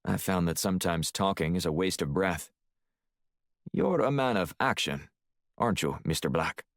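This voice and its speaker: A man's voice: deep voice, moderate pace, dry recording, clean studio sound. A male audiobook narrator voicing a hulking, menacing Russian man with a clipped Russian accent and a coolly taunting manner.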